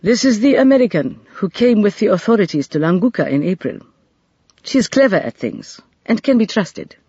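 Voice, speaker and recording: A narrator voicing a calm, decisive male official in an audiobook. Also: mid-range voice, moderate pace, breathy edge, no echo, muffled recording, voice pushed up. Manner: decisive, assured.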